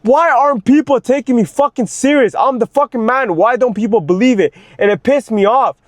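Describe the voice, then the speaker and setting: A man's voice: very high-pitched, brisk, no room sound. Fired-up young man ranting. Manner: intense, ranting, heavy swearing; repeats words when worked up. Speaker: fitness coach. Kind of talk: unscripted personal monologue.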